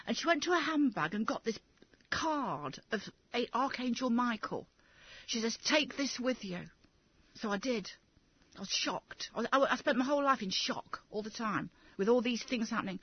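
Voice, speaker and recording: Emphatic breathy English woman. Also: fairly high pitch, no room sound. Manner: emphatic, acts out others' lines when quoting. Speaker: interviewee. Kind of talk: personal story in an interview. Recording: dull lo-fi recording.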